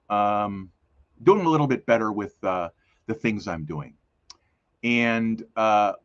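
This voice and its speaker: On his weekly live community stream, a male host with a fairly low voice chats loosely, full of fillers and self-corrections. High frequencies are cut off in the recording.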